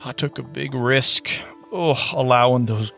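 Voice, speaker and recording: A dazed, wounded ship captain in a tabletop game, hesitant and apologetic, stumbling over his words, as a game master puts him on. A plain, even male voice. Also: mid-range voice, unhurried, vocal fry, soft background music. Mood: shaken.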